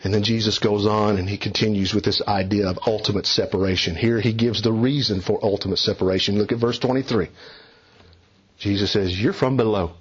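A man's voice: lowish voice, steady tone, a little fast, slightly rough. A man preaching an expository sermon, rising and dropping his voice for emphasis and urging his listeners to hear him. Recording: dull lo-fi recording.

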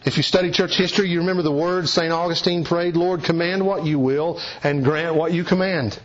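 A man preaching a sermon, emphatic, dropping low and hushed, then rising with urgency. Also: steady tone, a little fast. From Eastern Kentucky. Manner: emphatic, swings between low hushed lines and raised urgent ones. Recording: dull lo-fi sound.

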